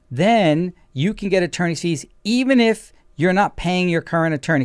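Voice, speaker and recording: A man's voice: fairly high pitch, no room sound, studio quality. A man hosting a legal commentary show as an attorney, explaining emphatically.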